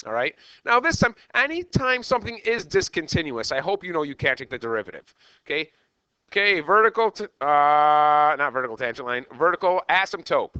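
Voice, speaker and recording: Lively, bright-voiced male math teacher. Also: fairly high pitch, no echo, highs cut off. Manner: animated, repeats "okay" often. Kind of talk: classroom lecture.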